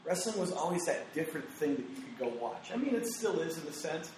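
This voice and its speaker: A man hosting a casual podcast chat, giving animated, opinionated takes with quoted asides. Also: a little high, fast, a little hiss or hum. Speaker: podcast host. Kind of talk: casual conversational podcast talk. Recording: very echoey room.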